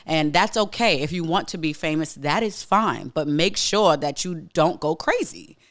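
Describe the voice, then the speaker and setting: This man's fairly bright, higher-leaning voice has lively intonation and a moderate pace. He hosts a casual solo podcast, blunt and forceful, restating lines for emphasis, frequently starting sentences over and leaning on fillers.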